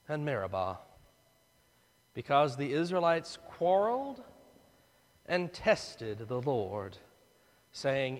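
Animated preacher in an echoing hall. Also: male voice, a little high. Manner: dramatic, acts out voices of the crowd. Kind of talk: sermon. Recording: long reverb of a large hall.

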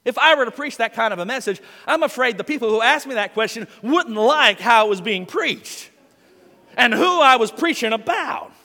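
A man preaching a sermon. His voice sits high and rings brightly, and he tells stories in a folksy, animated way. A long reverb from a big hall trails after his words. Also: moderate pace. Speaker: pastor.

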